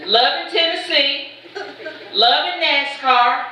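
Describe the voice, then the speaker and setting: A woman's voice: high voice, sharp tone. Woman, stand-up comic, chatty storyteller, very echoey room, faint background noise. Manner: chatty storyteller, teasing the crowd with quick asides. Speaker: stand-up comedian. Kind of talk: live stand-up comedy. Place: large event shed with a live audience. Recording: echoey hall, voice from far off.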